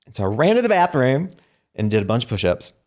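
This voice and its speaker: A man's voice: medium pitch, quick pace. A man with a Southern US accent, a singer-songwriter guest telling long stories in a casual interview, rambling with lots of fillers. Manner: rambling animated storyteller with many fillers.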